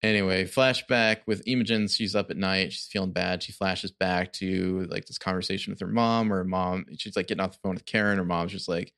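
A man's voice: low voice, steady tone, a little fast, vocal fry, hardly any pauses, a bit bright. A man co-hosting a podcast, recapping a TV episode in loose, rambling casual chat full of restarts. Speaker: podcast co-host.

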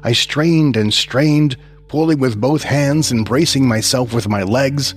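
A man's voice: mid-range voice, a little slow, faint music behind. A man narrating a scripted horror story in the first person, with dramatic storytelling.

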